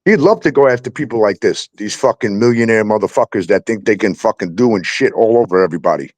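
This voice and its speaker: A man's voice: on the low side, animated, quick pace, a little mellow, no room sound. A man hosting a talk show, ranting heatedly and swearing constantly about landlords and the police. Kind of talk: angry profane rant.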